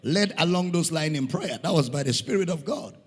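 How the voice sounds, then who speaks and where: A man's voice: fairly high pitch, expressive, fairly quick, breathy edge. A middle-aged Nigerian man preaching a sermon in a church hall, emphatic, repeating key lines for stress. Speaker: pastor. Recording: long hall reverb.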